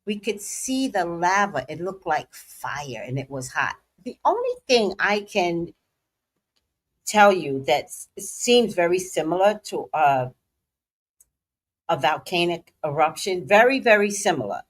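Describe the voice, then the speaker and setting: A woman's voice: on the low side, expressive, measured pace. A middle-aged woman hosting a casual livestream, playful and dramatic with slangy asides. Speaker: psychic livestream host.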